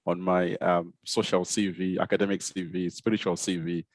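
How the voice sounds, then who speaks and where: A middle-aged man from Zimbabwe with a Zimbabwean accent softened by years in the UK, telling his story in a relaxed, self-deprecating way with plenty of fillers and restarts. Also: sits low, moderate pace, dry recording. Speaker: guest, consultant pediatrician. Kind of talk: casual conversational storytelling.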